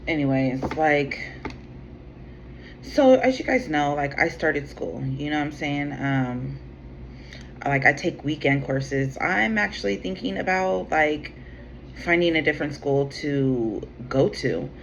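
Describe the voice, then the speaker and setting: A woman's voice: deep voice, expressive, slow pace, vocal fry, a little hiss or hum. A woman host chatting casually, telling a rambling story full of fillers and swearing. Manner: rambling, full of "like" and "you know what I'm saying", swears freely. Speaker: tarot channel host. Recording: slightly dull sound with faint room ambience.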